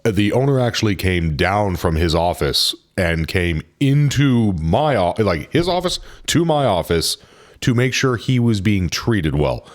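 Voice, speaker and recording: A man with a deep voice, a service advisor hosting a casual podcast and telling a joking story. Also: very animated, measured pace.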